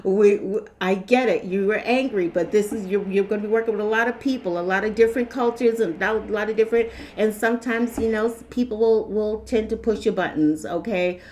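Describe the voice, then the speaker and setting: A woman giving a casual opinion monologue, animated, repeating herself and acting out quotes. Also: mid-range voice, brisk, few pauses. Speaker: vlogger.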